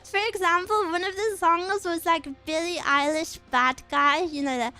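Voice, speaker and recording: A woman with a very high, light voice chats casually on a stream, giggling often as she tells playful, teasing stories. Soft music plays faintly behind her. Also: fairly even intonation, moderate pace. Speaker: VTuber streamer. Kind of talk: casual chat.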